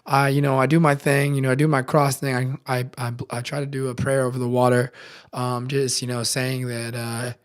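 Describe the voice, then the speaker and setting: A young man casually telling a personal story in slangy speech full of fillers, swinging between loud excitement and hushed tones. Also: mid-range voice, fairly quick, clear, resonant tone. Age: young adult. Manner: animated, slangy, many fillers. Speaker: podcast contributor.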